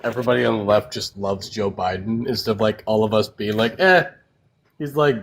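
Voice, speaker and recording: A man's voice: on the low side, steady tone, fast, gravelly, slight background noise, low-quality recording. Chatty wry American man. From United States. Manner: chatty, filler-heavy, wry. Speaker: stream guest. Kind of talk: casual chat.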